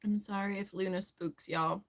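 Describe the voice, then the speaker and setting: A woman's voice: medium pitch, fairly even intonation, normal speed. A woman hosting a crochet tutorial, chatting casually and rambling as she works, laughing often. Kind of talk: casual chat while crocheting.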